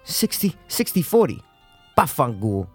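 A man voicing a burly middle-aged New mob boss, talking in a halting, gruff, stammering way. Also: mid-range voice, big pitch swings, a little mellow, faint music behind, exaggerated voice. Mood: menacing.

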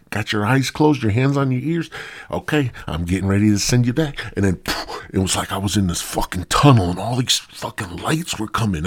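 A man hosting a podcast, telling a crude comic story full of swearing, dropping into hushed whispers and rising to loud outbursts. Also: fairly low pitch, breathy edge. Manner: profane, swings between loud and hushed whispers. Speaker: podcast host.

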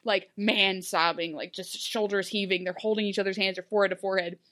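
Animated woman recapping a show. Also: medium pitch, fast. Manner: animated, acts out characters' lines in put-on voices. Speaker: podcast co-host recapping a TV show. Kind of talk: casual chat.

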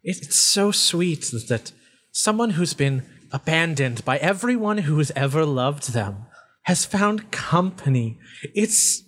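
A man's voice: on the high side, big pitch swings, measured pace, a bit bright, exaggerated voice. A man voicing a sinister, disembodied female voice that mocks and gloats over others' pain in a tabletop game. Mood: gloating. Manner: taunting, relishing others' pain. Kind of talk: tabletop role-play voice acting.

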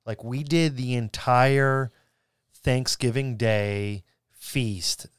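A man's voice: medium pitch, extremely slow, smooth, no room sound. A man co-hosting a podcast in casual, dry conversation, telling stories with plenty of fillers. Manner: relaxed, dry, storytelling with many fillers. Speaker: podcast co-host. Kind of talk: casual chat.

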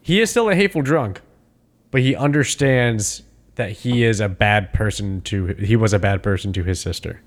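Animated man recapping a movie. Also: fairly low pitch, moderate pace. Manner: animated, acts out characters' lines, swears freely. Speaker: podcast co-host. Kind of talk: casual movie recap chat.

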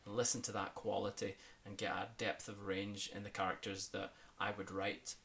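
A man's voice: fairly low pitch, level tone, moderate pace, vocal fry, bright, forceful tone. A man from Scotland who works as an accent coach, chatting in a podcast interview, talking loosely with many fillers and restarts and laughing often.

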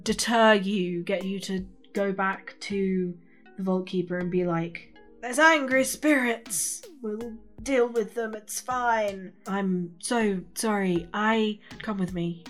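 A woman's voice: medium pitch, takes it slowly, close to an everyday voice. Woman doing a flustered apologetic assistant, stammering, light music bed. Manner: stammering, panicked.

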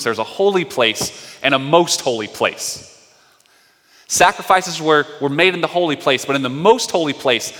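Bright-voiced male pastor in a hall. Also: mid-range voice. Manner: animated storytelling, acting out quotes. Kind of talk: sermon retelling a story.

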